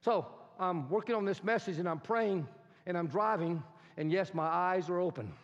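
A man preaching a sermon as pastor. He is animated and humorous, and he mimics people's complaints. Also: high voice, normal speed. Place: church hall. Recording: reverberant hall, dull sound.

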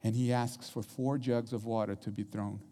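A man's voice: mid-range voice, steady tone, normal speed, dark tone, long reverb tail. A man preaching a sermon, retelling a story dramatically and acting out the quotes.

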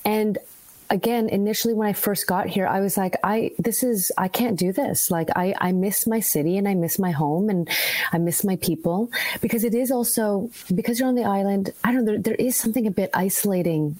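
A woman's voice: mid-range voice, brisk, a little mellow, no room sound. A woman talking as a podcast guest, reflective and casual, often restarting her sentences. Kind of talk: casual conversation.

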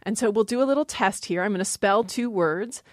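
A woman's voice: medium pitch, brisk, no echo. Woman linguist explaining grammar, dry close sound, laughs a bit. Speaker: linguist guest. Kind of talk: interview talk.

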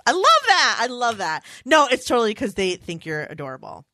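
A woman co-hosting a podcast, chatting in a lively, teasing way and laughing often. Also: on the high side, brisk, few pauses, no room sound, clean studio sound. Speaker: podcast co-host. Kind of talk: casual chat.

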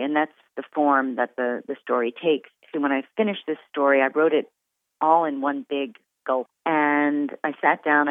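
A woman's voice: deep voice, dry recording. Woman author on a tinny phone line. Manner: frank and animated, with filler words and restarts. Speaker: author guest. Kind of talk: candid conversational storytelling, then reading her own fiction aloud.

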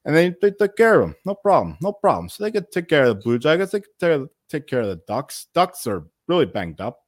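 A man's voice: fairly high pitch, sing-song, fairly quick, dry recording. Guy on a betting podcast, bouncy voice, stumbles over words, swears a lot, dry close mic. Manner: rambling, stammering repeats, lots of swearing. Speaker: podcast co-host, bettor. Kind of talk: casual betting podcast chat.

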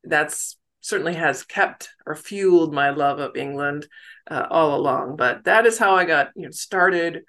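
A woman's voice: low voice, measured pace. A middle-aged woman from the United States, a novelist chatting in an interview, laughing easily and poking fun at herself. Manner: chatty, laughs easily, warm self-deprecating. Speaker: novelist guest. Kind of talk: casual interview talk.

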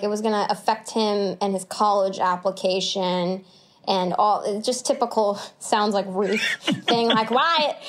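Woman, actor guest, interview, animated, laughs often, fairly high voice. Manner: animated, laughs often, acts out her own past thoughts. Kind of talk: conversational interview storytelling.

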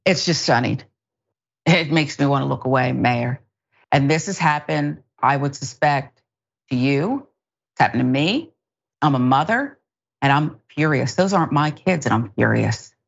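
A woman's voice: a bass voice, expressive, moderate pace, creaky, highs cut off. A woman hosting a news talk show, giving indignant, emphatic commentary on video clips. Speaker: host.

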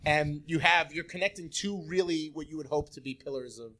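A man on a live podcast lays out his thinking about line combinations in earnest. His voice is a little high and clear and bright. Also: brisk. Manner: earnest, analytic about hockey lines. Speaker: podcast co-host. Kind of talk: casual live podcast chat.

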